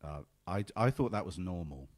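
English guy on a podcast, lowish voice that swings all over, spinning a story. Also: normal speed, dry recording. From England. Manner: animated anecdote-teller, acts out quoted voices. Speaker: podcast co-host. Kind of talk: casual storytelling chat.

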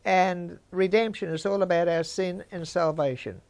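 Older woman, Bible teacher, conversational, gravelly voice with a little fry. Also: fairly low pitch, steady tone, moderate pace, a little mellow. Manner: conversational, chats with listeners.

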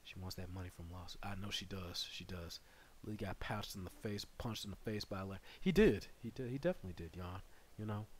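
A man streaming a game live, chatting with viewers and bursting into loud excited yells. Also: low voice, brisk, breathy edge. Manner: excitable, bursts into loud yelling, banters with chat. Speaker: gaming streamer. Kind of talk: live gameplay commentary.

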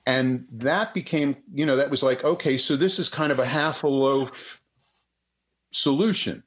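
An older man speaks at an ordinary middle pitch, telling an anecdote in an interview. He acts out the people in his story with raised voices and often restarts his sentences. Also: unhurried, fairly bright tone. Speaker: guest psychotherapist and researcher.

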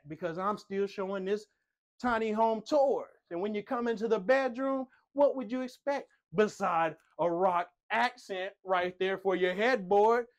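A man hosting a walk-through home tour, talking in a playful, showman-like way and joking about himself. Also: high voice. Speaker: tour host. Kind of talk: enthusiastic home tour presentation.

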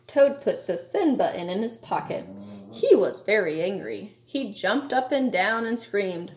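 A woman reading a children's storybook aloud in a slow, measured way. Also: medium pitch, animated, a little mellow. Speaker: reader. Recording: echoey room.

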